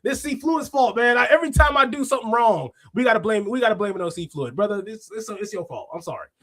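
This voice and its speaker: A man hosting a wrestling review podcast, chatting casually and slangily, reading out chat comments and bursting into laughs and shouts. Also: sits high, fast, no room sound. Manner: excitable, laughs often and breaks into shouts; slangy, talks straight to chat readers. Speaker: podcast host.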